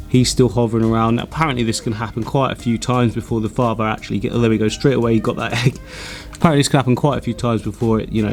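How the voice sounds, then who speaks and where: A man vlogging about his aquarium, excitable and chatty, laughing often between remarks. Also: mid-range voice. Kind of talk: excited casual vlog narration.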